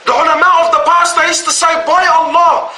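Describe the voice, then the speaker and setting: A man's voice: extremely high pitch, little pitch movement, very fast, pushed and bright. A man delivering an impassioned sermon to a live audience indoors, pleading with his listeners through rhetorical questions and casual slang asides. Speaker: Islamic preacher. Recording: echoey hall, voice from far off, faint noise.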